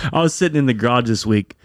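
A young man, a podcast co-host, telling a story in casual chat, animated and profane. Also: mid-range voice, dry recording, clean studio sound.

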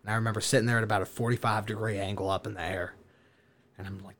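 A young man telling a wild story casually, animated, laughing and swearing as he goes. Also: on the low side, quick pace, background noise.

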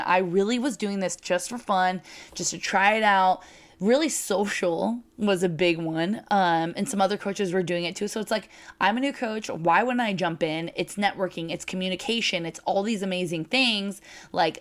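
Young female strength coach, casual solo podcast, high-energy and profane, filler-heavy.

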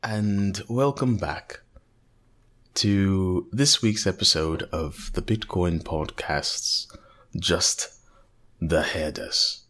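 A man putting on a stuffy male narrator with a watered-down fake British accent, announcing in a slow, mock-formal way. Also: low-pitched, a bit bright, exaggerated voice. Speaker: host.

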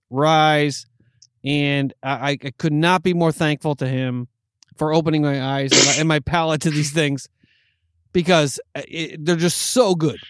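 A man's voice: on the high side, clean tone, no room sound, clean studio sound. A man co-hosting a podcast, chatting enthusiastically and rambling with restarts while tasting drinks. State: hiccuping. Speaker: podcast co-host. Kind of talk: casual chat.

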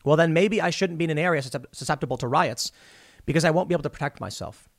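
A political commentator with a highish voice talks fast, addressing viewers head-on with a blunt, personal take. He retells events in an opinionated monologue, voicing the dialogue himself, in a clean studio with no echo.

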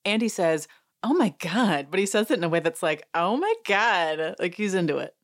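Animated and a little fast, a woman with a lowish voice hosts a podcast and recaps a show casually. She comes across as an amused, chatty storyteller, laughing as she acts out what others said.

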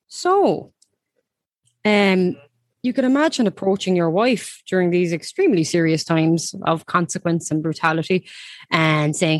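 Chatty woman, low dry voice. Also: a little slow, no echo. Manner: chatty, apologetic, giggly asides. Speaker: podcast host telling a history story. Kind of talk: casual storytelling chat.

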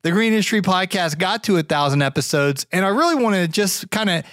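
Reflective, rambling man with a higher voice. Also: animated, brisk, fairly bright tone, no echo, clean studio sound. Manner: rambling, full of fillers and restarts; reflective, grateful. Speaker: podcast host. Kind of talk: casual storytelling monologue.

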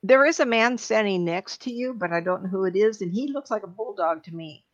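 A middle-aged woman, a psychic medium, giving readings on a live stream in an emotional, chatty way with many fillers and pauses. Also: medium pitch, expressive. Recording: dull lo-fi stream audio.

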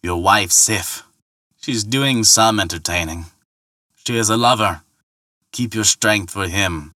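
A man's voice: on the low side, slow, pushed and bright, no room sound, clean studio sound. A man voicing a sly, mocking, one-eyed old ferryman who taunts. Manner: jeering, taunting.

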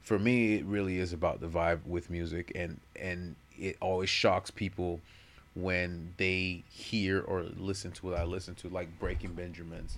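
A man in his thirties with a very low voice, chatting casually as a podcast co-host. He tells stories with energy and slips into the voices of the people he quotes. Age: 30s. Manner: animated storyteller, acts out quotes. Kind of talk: casual chat.

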